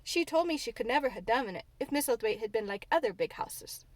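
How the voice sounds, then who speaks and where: A woman's voice: a little high, animated, brisk, no room sound, natural voice. A woman voicing a young, chatty, good-natured housemaid with a broad Yorkshire accent. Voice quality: broad dialect, homely and frank.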